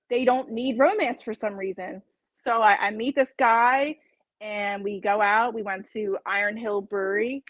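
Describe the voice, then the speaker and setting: A woman's voice: fairly high pitch, fairly bright tone, no echo, rough recording. A woman talking casually as an interview guest, chatty and laughing often as she acts out her own dialogue.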